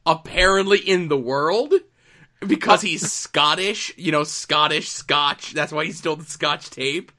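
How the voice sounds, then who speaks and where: This is a man with a bright, somewhat high voice co-hosting a casual chat. His delivery is dry and wry, and he sounds skeptical. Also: a little slow. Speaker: podcast co-host.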